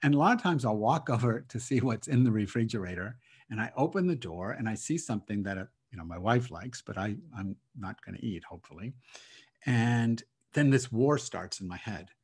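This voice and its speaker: A rabbi speaking as a guest on a video call, reflective and hesitant, laughing often between thoughts. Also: male voice, on the low side, animated, fairly quick, a little mellow, slightly rough. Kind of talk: casual spiritual talk over video call.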